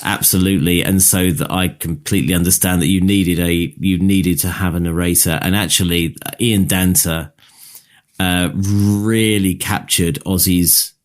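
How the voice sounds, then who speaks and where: Rambling low-voiced Essex man. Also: fairly even intonation, unhurried. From Essex, England. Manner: rambling, thinks aloud with many asides. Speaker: podcast co-host. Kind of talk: casual chat.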